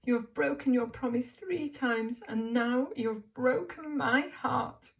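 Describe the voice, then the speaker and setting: A woman voicing a female caterpillar in a children's storybook, reading slowly and emphatically, first angry and then heartbroken. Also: high voice, far from the mic, voice pushed up, poor audio. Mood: sad.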